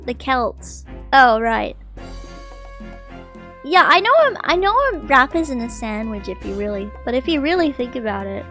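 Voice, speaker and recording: A woman streamer reading an article aloud, breaking off to chat and react with loud, excitable outbursts. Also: high voice. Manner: excitable, bursts into loud apologies and exclamations.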